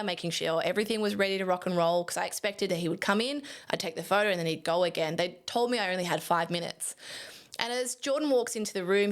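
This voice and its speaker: Chatty woman photographer telling a story. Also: fairly low pitch. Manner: chatty, animated, laughs at herself. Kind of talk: casual storytelling to camera.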